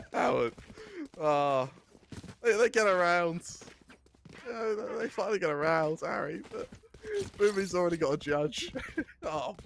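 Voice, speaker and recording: A man giving color commentary on an esports match, jokey with deadpan asides and frequent laughter. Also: sits high, slow, creaky, long pauses, slight background noise. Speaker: esports co-caster.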